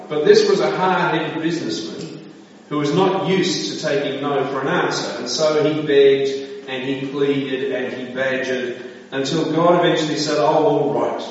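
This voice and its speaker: A man's voice: fairly high pitch, fairly even intonation, normal speed. A man preaching to a congregation, telling a joke and asking the room questions. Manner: storytelling, asks the congregation questions. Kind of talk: sermon with a joke. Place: church hall. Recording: distant echoey hall, dull sound.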